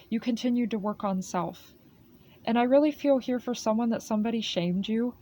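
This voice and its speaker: A woman's voice: mid-range voice, dark tone. A woman giving an earnest spiritual oracle card reading. She speaks repetitively, often adding "okay" and calling the listener "beautiful soul.".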